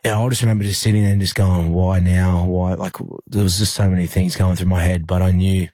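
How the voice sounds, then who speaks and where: Young Australian male athlete, low husky voice, dry close sound, halting storyteller. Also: flat delivery, warm tone, dry recording. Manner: halting, lots of fillers and restarts. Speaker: interview guest, rugby league player. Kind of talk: emotional personal storytelling.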